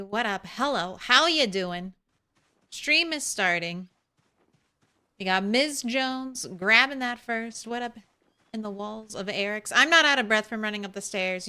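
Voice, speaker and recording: A woman's voice: medium pitch, lively intonation, a little slow, pushed and bright, clear, resonant tone. A young adult woman streaming a game live, chatting casually and greeting her viewers with giggles. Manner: bubbly, greets chat, giggly.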